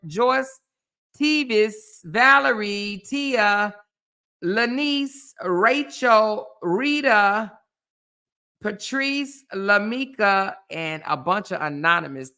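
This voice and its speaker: A woman's voice: on the high side, creaky, bright, forceful tone, clear, resonant tone. A woman hosting a casual live stream, chatty and laughing often as she thanks viewers by name.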